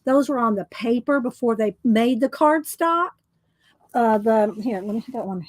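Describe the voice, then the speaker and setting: Leafing through her artwork, a woman vlogger rambles chattily at normal speed, slightly breathless and using "y'all." Her voice is a little high, and the rough recording has no echo.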